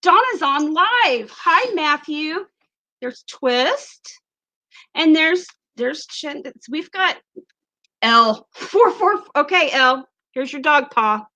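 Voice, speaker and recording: Ozarks woman, livestream host; high, bright, unhurried, chatty and giggly. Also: lively intonation. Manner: chatty, giggly, reads comments aloud. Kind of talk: casual livestream chat.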